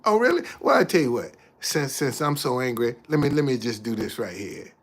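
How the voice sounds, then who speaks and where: A man hosting a casual livestream, talking back to commenters in an animated, repetitive way and laughing often. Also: medium pitch, a little fast, slightly rough. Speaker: livestream host.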